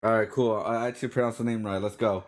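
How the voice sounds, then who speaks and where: A man's voice: fairly low pitch, steady tone, fast. A man hosting a live-streamed artist podcast, talking loosely with lots of fillers and restarts. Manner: loose and rambling, many fillers. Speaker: podcast host. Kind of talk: live-streamed casual interview.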